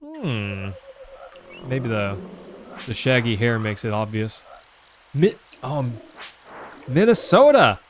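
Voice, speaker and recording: A man from the Southern United States streams a retro game, chatting casually and rambling to his chat with lots of fillers. His voice is fairly low and slow, with frequent pauses, and the background is noisy.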